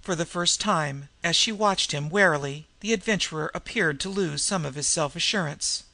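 A man reading a novel aloud as an audiobook narrator, measured, lightly voicing the dialogue. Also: on the high side, gravelly, sharp tone, no echo. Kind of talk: scripted narration.

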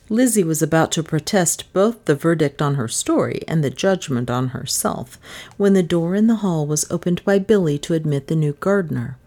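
A woman narrating a story in a steady audiobook reading. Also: low voice, moderate pace.

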